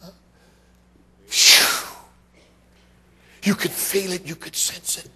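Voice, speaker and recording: An older man preaching a sermon to a congregation, telling a personal story, swinging between hushed passages and shouted climaxes. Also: high voice, steady tone, normal speed, husky. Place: church before a congregation.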